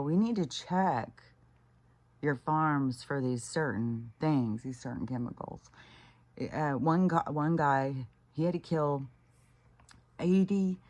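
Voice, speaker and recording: A woman delivering an angry, profane rant as a vlogger, full of swearing and halting restarts. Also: very deep voice, a little mellow.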